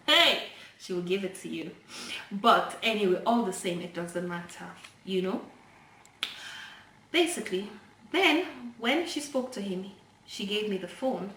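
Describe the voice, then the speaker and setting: A woman's voice: mid-range voice, a bit bright. Chatty young woman telling her story. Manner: chatty, digressive, many fillers and restarts. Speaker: vlogger. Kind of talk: personal storytelling vlog. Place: indoor room, filmed by a helper. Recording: roomy and distant from the mic, faint background noise.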